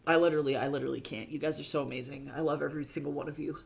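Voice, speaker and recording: Emotional male streamer, slightly high voice, near tears, rambling thanks with casual cursing at a desk mic. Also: little pitch movement, rapid-fire, creaky, slight background noise. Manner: gushing and emotional, swears freely, rambles. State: teary, on the verge of crying. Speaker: author and livestreamer. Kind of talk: casual livestream chat with viewers. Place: home office.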